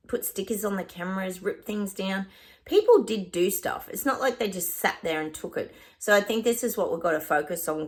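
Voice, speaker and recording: A woman with an Australian accent, a psychic chatting casually to camera in a rambling way, often stopping to laugh. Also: mid-range voice.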